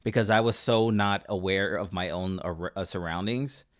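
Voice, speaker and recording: Low-voiced and halting, a Southern Californian spins a loose, rambling story in casual talk, leaning heavily on fillers and starting sentences over.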